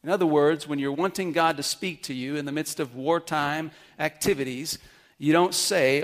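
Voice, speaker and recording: A man's voice: on the high side, moderate pace. A man preaching a sermon, teaching earnestly and checking with his listeners. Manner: earnest teaching with questions to the congregation. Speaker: pastor. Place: church service.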